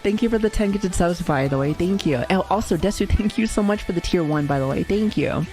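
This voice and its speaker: Brisk and warm-toned, a woman in her 30s with a fairly low voice talks to her live chat over soft background music. She's profane and joking, laughing frequently as she chats.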